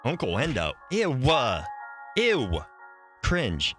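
A man's voice: mid-range voice, huge pitch swings, slow pace, fairly bright tone, soft background music. A young man casually commentating a game on a live stream, joking, crude and swearing freely.

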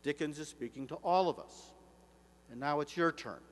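Older man, formal speech, measured pace with pauses, slightly high voice, echoey hall. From United States. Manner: measured, slows for emphasis. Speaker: commencement speaker and author. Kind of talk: formal commencement address. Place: large hall. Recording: echoey hall, faint hum.

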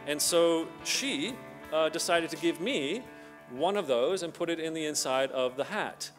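Soft background music plays under a slightly high, slightly slow male voice. The speaker, a middle-aged Canadian man, gives a conference keynote full of stories, animatedly acting out the voices of the characters in them.

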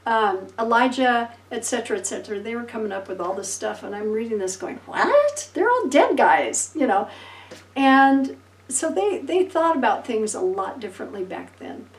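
Animated woman preaching in an echoey room. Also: fairly high pitch, normal speed, recorded from a distance. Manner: animated storytelling, acting out voices and laughing. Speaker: pastor. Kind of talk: sermon.

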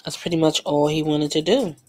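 Chatty woman, lowish voice. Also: fairly even intonation, a little fast, darkish tone. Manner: chatty and emotional, lots of fillers and slang. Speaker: art vlogger painting live. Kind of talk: casual chat while painting.

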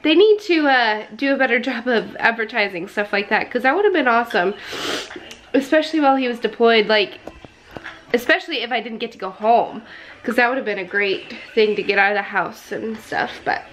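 A woman's voice: a little high, fairly quick, a bit bright. A young woman chatting casually to her camera at home, rambling with lots of fillers. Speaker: vlogger mom. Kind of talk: casual family vlog.

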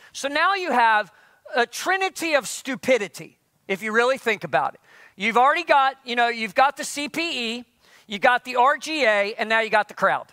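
A man preaching a sermon as pastor, animated and firing rhetorical questions at his listeners. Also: extremely high pitch, no echo.

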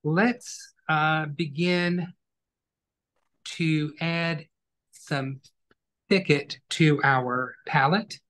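A man teaching an online acrylic painting class, giving calm, step-by-step instructions as he works. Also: on the high side, extremely slow, long pauses.

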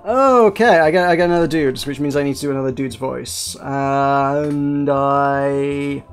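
A man's voice: medium pitch, a little slow, clear, resonant tone, faint music behind. A man giving casual, rambling let's play commentary, hesitating often and correcting himself as he goes.

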